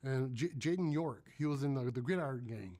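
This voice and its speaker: A man's voice: medium pitch, brisk. A man in his thirties casually telling a long story, acting out the other people's voices. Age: 30s. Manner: animated, acts out voices in quotes.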